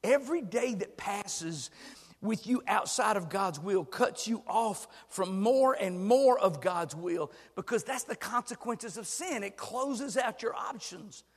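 An older man preaching a sermon with passion, swinging from hushed words to shouts. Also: high-pitched, expressive, unhurried, long reverb tail.

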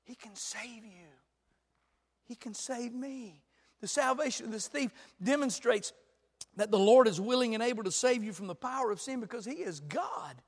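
High bright-voiced preacher in a hall. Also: male voice, expressive, moderate pace. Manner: builds from quiet storytelling to loud shouted preaching. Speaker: pastor. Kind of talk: sermon.

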